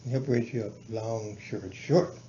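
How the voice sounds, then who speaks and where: A man explaining his teaching plans to a colleague in a halting, casual way, full of fillers and restarts. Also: warm tone. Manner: halting, many restarts and fillers, breaks into chanted syllables and sung verses. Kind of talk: casual explanatory talk on lesson planning. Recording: dull low-fi with faint background noise.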